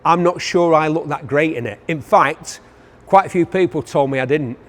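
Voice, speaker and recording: A man's voice: on the high side, moderate pace, fairly bright tone. A man with an enthusiastic, joking manner, presenting motorcycles for an auction preview and making asides to his cameraman.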